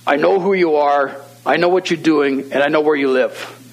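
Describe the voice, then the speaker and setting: A man voicing a deep-voiced, kindly farmer in his sixties who speaks firmly and plainly. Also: lively intonation, quick pace, a little mellow, husky, rough recording. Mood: stern. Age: 60s. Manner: firm, plain-spoken.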